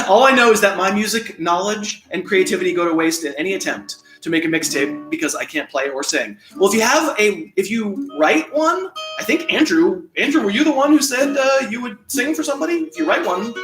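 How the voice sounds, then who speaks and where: A man's voice: high voice, expressive, brisk. A man hosting a casual livestream, reading viewer comments aloud with a chatty, self-deprecating manner and frequent laughter. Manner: chatty and self-deprecating, laughs often, plays and sings along on guitar. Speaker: livestream host. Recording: roomy sound with loud guitar. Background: acoustic guitar playing.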